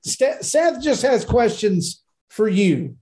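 A man's voice: high voice, very animated, takes it slowly, a little mellow. A man in his forties co-hosting a casual podcast, reading out listener comments with self-deprecating jokes. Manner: joking, self-deprecating, laughs often.

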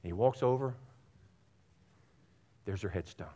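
A middle-aged man preaching a sermon, dropping to near whispers for stories and rising to loud exhortation. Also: on the low side, measured pace. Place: church sanctuary. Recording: long reverb of a church hall.

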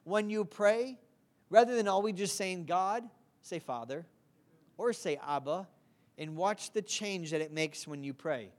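A woman's voice: lowish voice, measured pace, a little mellow. This is a woman delivering a sermon to a congregation. She speaks earnestly and directly, and she keeps checking in with her listeners for a response. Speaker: preacher.

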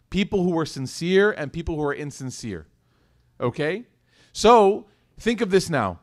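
Lively man lecturing with rhetorical questions. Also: high-pitched. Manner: casual asides and humor. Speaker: Islamic lecturer.

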